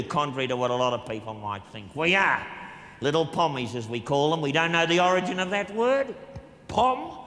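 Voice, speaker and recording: A man playing a crude, drunk Australian diplomat with a boorish, gravelly manner, delivering a live comic monologue on a concert stage. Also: on the high side, bright, forceful tone. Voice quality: gravelly, blustering and vulgar. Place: large concert hall with audience. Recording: live hall recording with long reverb.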